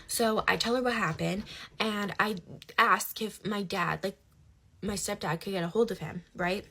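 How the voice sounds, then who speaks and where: Chatting casually, a young woman animatedly recounts something that happened to her, dropping to hushed asides and then bursting out loudly. She has a medium-pitched, slightly rough voice and a moderate pace.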